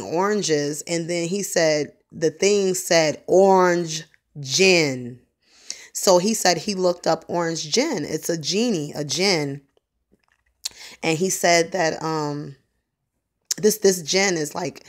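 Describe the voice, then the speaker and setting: A woman telling a personal story in a halting, rambling way, full of ums. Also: fairly low pitch. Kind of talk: casual spoken testimony.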